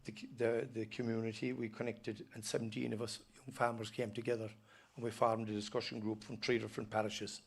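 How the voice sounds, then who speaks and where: An Irish man speaking at a live event. His voice is low and steady, with little rise or fall. He talks earnestly but haltingly, catching himself and starting over. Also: vocal fry, breathy edge. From Ireland. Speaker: dairy farmer giving a talk. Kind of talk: personal storytelling speech.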